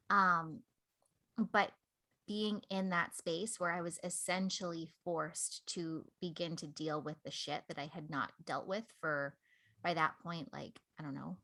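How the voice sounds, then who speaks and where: A woman with a bright, forceful voice, sitting slightly low in pitch. She talks through a personal story in a relaxed, candid way, scattering "like" through her sentences. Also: unhurried, gravelly. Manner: candid, reflective storytelling with many "like" fillers. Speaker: podcast guest. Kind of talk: casual conversation.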